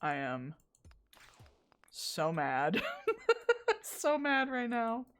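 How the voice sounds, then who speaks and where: A woman livestreaming a farming game, talking to herself and chat in a loose, rambling way. Her pitch jumps around a lot as she grows exasperated and swears at the game, then drifts off into asides. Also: sing-song, very slow, fairly bright tone. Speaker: streamer. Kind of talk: casual gameplay chat.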